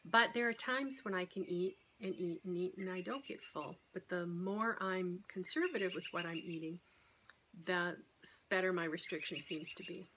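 A woman's voice: lowish voice, moderate pace, pushed and bright, a little hiss or hum. A middle-aged woman talking candidly and rambling in a casual vlog about her weight-loss surgery. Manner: rambling, candid, self-deprecating.

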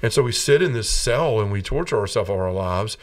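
A man, a podcast guest, earnestly telling his personal testimony as a lively storyteller. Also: lowish voice, a little fast, recorded from a distance.

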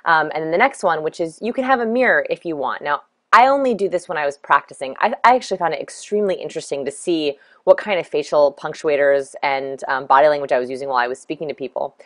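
A woman's voice: low-pitched, quick pace, no echo. A middle-aged woman instructor talking through a recorded lesson, friendly and explanatory, listing tips one by one. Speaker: course instructor.

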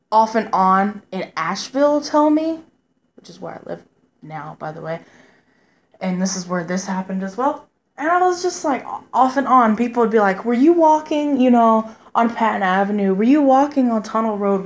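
Chatty woman with a higher voice. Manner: animated, profane, quotes people in raised voices. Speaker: vlogger. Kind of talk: casual storytelling vlog. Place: home.

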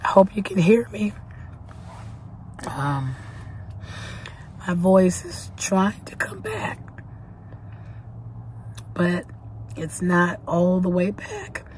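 A woman vlogs in a casual, chatty way, her voice hoarse and weakened by a cold. She talks slowly in a fairly low register and sometimes corrects herself mid-thought. A faint ambient noise sits underneath. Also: very animated, darkish tone. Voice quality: weak, partly whispering voice. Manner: chatty, thankful, self-correcting. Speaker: vlogger. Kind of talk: casual vlog talk. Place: parked car.

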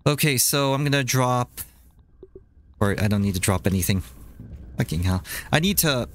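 A man's voice: expressive, normal speed, a little hiss or hum. Frustrated swearing gamer man. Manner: swears and shouts in frustration, pitch jumping high. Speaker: let's play gamer. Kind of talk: gameplay commentary. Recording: faint game music behind voice.

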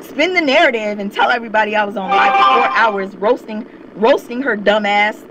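A woman's voice: mid-range voice, a little fast, very noisy. A young woman ranting on her vlog channel, heated, confrontational and swearing often. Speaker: YouTube commentator. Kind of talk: angry rant to camera.

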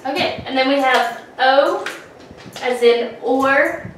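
A woman with a high voice speaks slowly and carefully as she drills letter sounds. She sounds soft-spoken and draws out each sound. Her voice is far from the mic, in a very echoey room. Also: slight background noise. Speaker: co-teacher. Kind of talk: slow, careful pronunciation drill.

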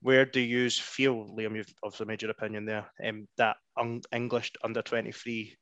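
A Scottish man hosting a football podcast in casual chat, relaxed and questioning with loose phrasing. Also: fairly low pitch, normal speed, no room sound. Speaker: podcast host. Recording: dull lo-fi podcast audio.

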